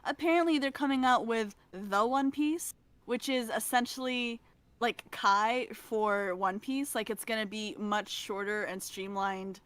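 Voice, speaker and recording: Woman voice actor as a podcast guest, playful, quick with jokes, casual. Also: fairly high pitch, a bit bright, clean tone, no room sound. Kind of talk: casual chat.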